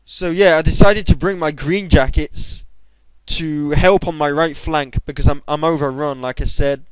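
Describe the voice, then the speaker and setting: A young man giving excitable commentary over his own game, bursting into high shouts at times. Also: moderate pace, smooth, dry recording, poor audio. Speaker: gamer. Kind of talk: gameplay commentary.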